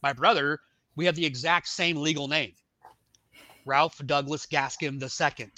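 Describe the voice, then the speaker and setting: A man's voice: fairly high pitch, fairly even intonation, moderate pace, bright, forceful tone, no room sound. A man, an Army veteran and podcast guest, telling his testimony in a casual, rambling way, full of "like" and "you know".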